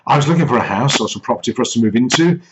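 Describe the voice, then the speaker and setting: A man's voice: medium pitch, expressive, very fast. A middle-aged English man telling a rambling, self-deprecating anecdote as a business coach. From England. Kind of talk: casual anecdote. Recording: slightly dull lo-fi audio with faint noise.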